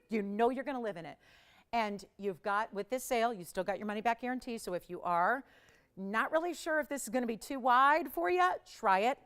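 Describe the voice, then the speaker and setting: A woman hosting a live jewelry shopping show, pitching pieces with enthusiastic, emphatic selling and repeated phrases. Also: a bit bright, clean tone.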